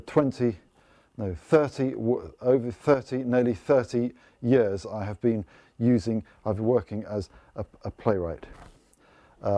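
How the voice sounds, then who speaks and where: A man in his fifties, a playwright, giving personal testimony in halting speech, stumbling and searching for his words. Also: on the low side, mellow, no echo. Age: 50s.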